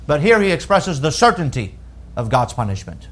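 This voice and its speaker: High-voiced man preaching emphatically. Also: very animated, brisk. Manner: emphatic, rises in pitch and force when stressing a point; reads scripture in old-fashioned wording. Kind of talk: sermon.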